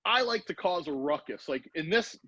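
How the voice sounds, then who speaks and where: A middle-aged man tells a long, swear-laden anecdote in a fairly high, lively voice. He slips into voices for the people in his story. The recording is dry and dull, like lo-fi podcast audio. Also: moderate pace, breathy edge, dry recording. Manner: profane, animated, acts out voices in anecdotes. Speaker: podcast guest, former BMX rider. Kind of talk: casual storytelling.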